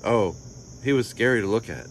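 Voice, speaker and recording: A man reading a children's picture book aloud, gently, lifting his voice a little for the children's lines. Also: lively intonation, a little fast, slight background noise. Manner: gentle storytelling, voices the children's lines slightly higher and livelier. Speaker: storybook reader.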